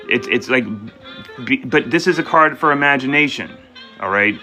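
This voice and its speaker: Casting note: male tarot host, bright forward tone, rambling and self-correcting, faint music underneath. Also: medium pitch, lively intonation, normal speed, poor audio. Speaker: tarot reader and live-stream host. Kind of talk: live tarot reading, talking to viewers.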